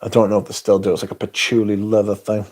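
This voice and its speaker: A man's voice: on the low side, level tone, fast talker, darkish tone. A man hosting a casual livestream, sweary and sardonic, reading chat aloud as he talks. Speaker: livestream host.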